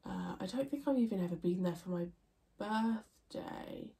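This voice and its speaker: A woman's voice: medium pitch, normal speed, creaky, mellow. A young woman with a stuffy, nasal voice, chatting casually and answering viewer questions in a rambling way, with many fillers and restarts. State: congested, nasal. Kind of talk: casual Q&A chat.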